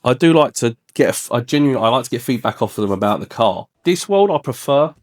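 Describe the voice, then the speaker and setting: A man's voice: mid-range voice, lively intonation, fast talker. A man in his thirties with a South London accent, chatting in a podcast interview and animatedly acting out quoted exchanges, swearing freely. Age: 30s. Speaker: classic car garage owner.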